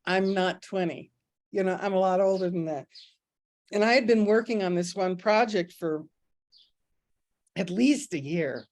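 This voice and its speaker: A woman's voice: on the low side, a little slow, long pauses, darkish tone. Candid, self-mocking woman telling a story. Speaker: spiritual teacher. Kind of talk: casual spiritual talk with storytelling.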